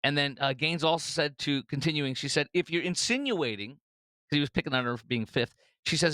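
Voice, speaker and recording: A man's voice: fairly high pitch, expressive, fairly quick, bright, forceful tone, no room sound. Effusive middle-aged male commentary host. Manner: effusive, emotional, breaks into laughter; restarts and repeats words. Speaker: podcast host. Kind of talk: political commentary monologue.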